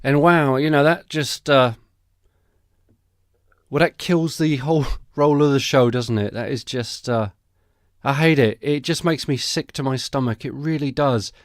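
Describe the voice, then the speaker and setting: A man's voice: medium pitch, a little slow, dry recording, clean studio sound. A man hosting a solo podcast, commenting on the news in a sarcastic, profane, conversational way. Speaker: podcast host.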